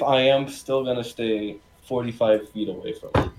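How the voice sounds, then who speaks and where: A man's voice: medium pitch, moderate pace. Male player, mid voice, cocky and profane, faint background hiss. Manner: brash, profane, excited bursts. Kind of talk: casual tabletop game chat.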